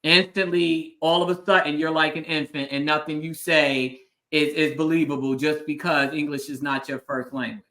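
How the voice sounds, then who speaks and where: A female host and legal analyst tells her account in an earnest, emphatic way. Her voice is bright and forceful. She stays in a casual interview mode and often murmurs agreement. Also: sits low, little pitch movement, normal speed. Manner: earnest storytelling, emphatic, frequent affirming murmurs.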